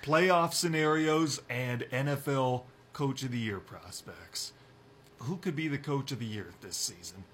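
A young man hosting a sports radio show, talking football in a brisk, opinionated way. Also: medium pitch, fairly bright tone, slight background noise. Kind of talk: casual sports talk.

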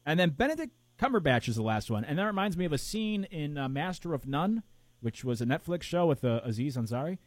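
A man in casual conversation whose pitch swings widely as he wanders through his thoughts, stopping often to search for names. The sound is dry and close, with no room around it. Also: very animated, a little fast, no echo. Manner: rambling, searching for names with fillers. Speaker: podcast co-host. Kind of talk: casual chat.

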